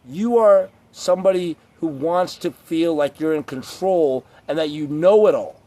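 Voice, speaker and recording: A man's voice: a little high, measured pace, dark tone. Blunt, profane young man ranting. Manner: profane, blunt, rambling, mocking voices of others. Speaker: vlogger. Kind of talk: ranting monologue to camera.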